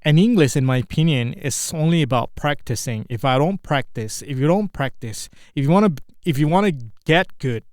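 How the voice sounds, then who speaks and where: A man with an Indonesian accent, a native Indonesian speaker, talking through an unscripted English speaking practice, halting and searching for words. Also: a little high, lively intonation, darkish tone, no echo, studio quality.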